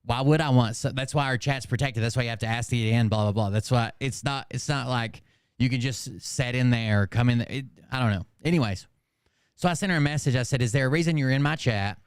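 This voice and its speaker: A man's voice: mid-range voice, brisk, clear, resonant tone, no echo, studio quality. A man hosting his channel, ranting casually with lots of swearing and rambling restarts. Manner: profane, rambling, exasperated. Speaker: channel host. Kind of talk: casual livestream rant.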